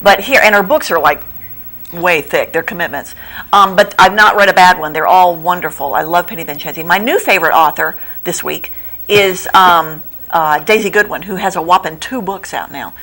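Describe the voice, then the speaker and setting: A middle-aged woman who runs a bookstore, chatting as a guest in a local TV studio interview, animated and quick to laugh as she retells plots. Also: rough recording. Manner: acts out quoted lines in a higher voice. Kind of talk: casual TV interview chat.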